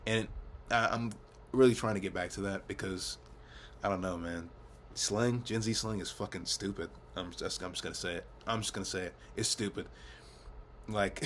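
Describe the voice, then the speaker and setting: A man's voice: on the low side, normal speed, a bit bright, a little hiss or hum. A young man rambling casually to camera, laid-back, swearing often and laughing at himself. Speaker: vlogger. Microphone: camera mic.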